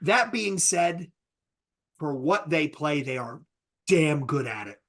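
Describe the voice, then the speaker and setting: A man's voice: fairly high pitch, expressive, slow pace, fairly bright tone. A middle-aged man co-hosting a casual podcast, laid-back and full of fillers. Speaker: podcast co-host. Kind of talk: casual chat.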